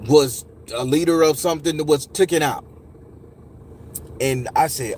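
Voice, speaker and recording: A man's voice: mid-range voice, moderate pace, a little mellow, slight background noise. A man telling a personal story to his viewers, candid and profane, addressing them directly. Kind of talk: emotional first-person storytelling.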